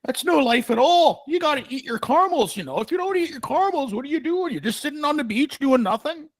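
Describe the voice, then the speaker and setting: A man putting on a shrill preachy lecturer. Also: expressive, fast, no echo. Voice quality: sermonizing, emphatic. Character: fervent high-voiced male lecturer, preachy.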